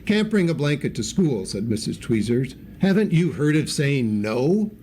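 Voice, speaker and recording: Male storybook reader, warm and mellow, lively with character voices, faint hiss. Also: a little high, normal speed. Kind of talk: reading a picture book aloud.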